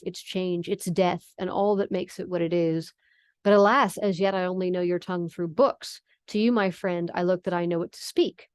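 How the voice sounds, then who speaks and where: A woman's voice: lowish voice, darkish tone, no room sound, studio quality, lightly acted. A woman reading the lines of a formal, aristocratic old male vampire count in a stately, archaic manner. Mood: longing. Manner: stately, archaic read-aloud phrasing.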